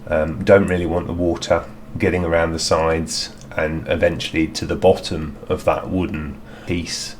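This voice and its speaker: A man's voice: low voice, level tone, normal speed, hardly any pauses, slight background noise. A man outdoors in a garden, talking through a DIY product review in a rambling, hesitant way with many fillers.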